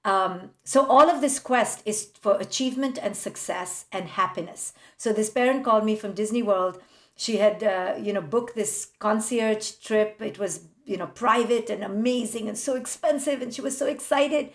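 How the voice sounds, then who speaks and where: A woman psychologist, the guest in a podcast interview, telling animated stories about parents and laughing often. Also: mid-range voice, moderate pace. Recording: roomy echoey room.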